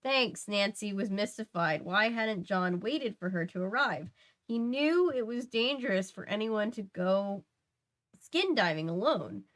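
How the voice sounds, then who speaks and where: A woman's voice: mid-range voice, a little slow. A young woman reading a mystery novel aloud on a casual stream, adding chatty asides and correcting her own slips as she goes. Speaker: host reading a book aloud. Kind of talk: casual read-aloud livestream.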